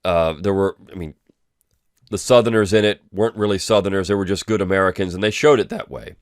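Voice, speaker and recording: A man's voice: sits low, brisk, dry recording, clean studio sound. A man hosting a weekly review show, talking through recent articles in a loose conversational way with many ums and restarts. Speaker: host of a weekly review podcast. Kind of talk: casual spoken commentary.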